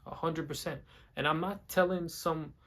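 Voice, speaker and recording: A man talks casually to camera in a voice a little above the usual male pitch. He repeats his points and stops to fix his own words. A slight nervous stutter runs through his speech. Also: fairly even intonation, moderate pace, fairly bright tone. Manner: repeats himself, restarts and corrects his words. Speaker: vlogger.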